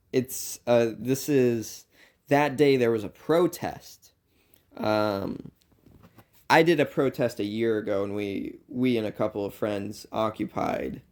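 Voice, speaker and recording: Speaking in a mid-range voice, this young man, a college student, wanders earnestly through a comic monologue. His delivery lurches from sudden loud bursts to hushed side remarks.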